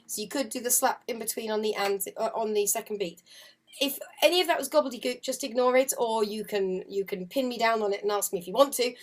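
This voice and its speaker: A woman's voice: a little high, fast talker. A woman teaching a harp lesson on a video call, chatty and encouraging, singing counts and rhythms as she explains. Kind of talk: live online music lesson. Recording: loud harp music under voice. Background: harp playing.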